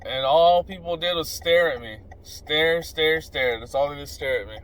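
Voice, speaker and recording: A man talking in a casual vlog monologue, animated and blunt as he rants, recorded inside a car. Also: a little high, moderate pace, poor audio. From Southern California desert. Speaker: vlogger.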